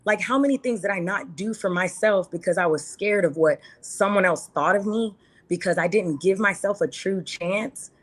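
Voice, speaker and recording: A woman's voice: medium pitch, normal speed. A woman guest talking candidly in an interview, earnest and heartfelt, repeating phrases for emphasis. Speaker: podcast guest.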